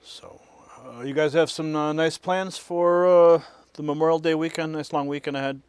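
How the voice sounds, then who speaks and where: A man hosting a live online news show, switching between a loud, punchy scripted read and quiet, muttered asides to his crew. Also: a little high, steady tone, moderate pace, smooth, no room sound.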